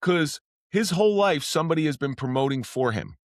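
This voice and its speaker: A man who used to be a police officer, a podcast guest telling stories in casual talk. He speaks candidly, swears freely, and his voice jumps up when he gets excited. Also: fairly high pitch, fairly quick, no echo, clean studio sound. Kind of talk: casual storytelling.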